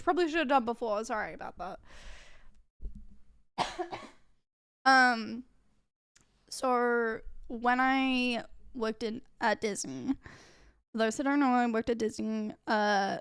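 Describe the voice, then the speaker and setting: A woman's voice: fairly high pitch, fairly bright tone, clean tone, no echo, studio quality. A young woman streamer telling a casual, rambling story full of fillers and swearing.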